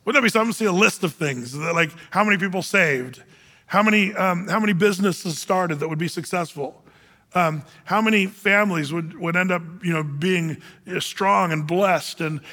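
A man preaching to a room of men, animated and acting out the voices of the people he quotes. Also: sits high, moderate pace. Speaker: men's group speaker. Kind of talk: sermon. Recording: reverberant hall.

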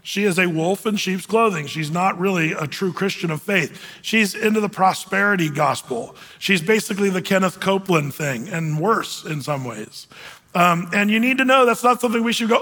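A man with a high voice preaches in a casual, conversational way. He slips into sarcastic mock voices to poke fun at gullible believers. His words ring out with a long reverb through a church sanctuary. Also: expressive, fairly quick, pushed and bright. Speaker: pastor. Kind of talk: sermon.

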